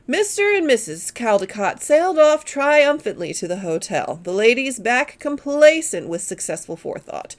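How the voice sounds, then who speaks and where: Woman, novel read aloud, expressive, lively pitch. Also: normal speed, few pauses. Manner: expressive storytelling. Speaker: reader and knitter.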